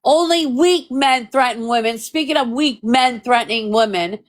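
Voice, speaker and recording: A woman's voice: a little high, moderate pace. A woman ranting heatedly to her viewers into a phone, swearing often and repeating her points. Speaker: TikTok creator. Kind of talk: confrontational rant to viewers.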